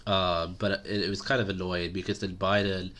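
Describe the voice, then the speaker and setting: A man's voice: low-pitched, little pitch movement, moderate pace, fairly bright tone. A man giving casual political commentary to camera, rambling and opinionated with many fillers.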